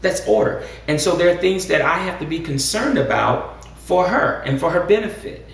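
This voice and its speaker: A man co-hosting a casual talk about marriage, speaking in a measured way that turns preacherly and rises with emphasis. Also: high-pitched, expressive, creaky. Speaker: co-host. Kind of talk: casual chat. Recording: echoey room, far from mic, faint noise.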